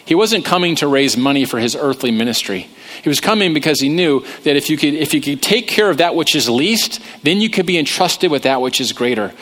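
Male pastor, fairly high voice, jokey self-deprecating sermon delivery. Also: lively intonation, fairly quick, a bit bright. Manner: joking, conversational, self-deprecating. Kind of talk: humorous sermon.

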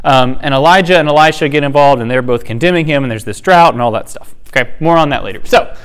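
A man's voice: medium pitch, quick pace, clean tone. A man hosting a podcast who retells Bible stories in a casual, humorous, chatty way. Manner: humorous, chatty, acts out the characters' lines. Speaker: podcast host teaching the Bible.

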